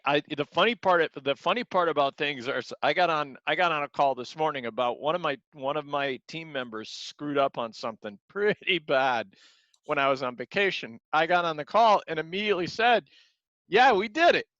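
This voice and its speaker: A man teaching a martial arts class gives a motivational talk, speaking earnestly and repeating words as he acts out examples. His voice is fairly high, pushed and bright, at a moderate pace, with no room sound. The recording has a dull, lo-fi quality.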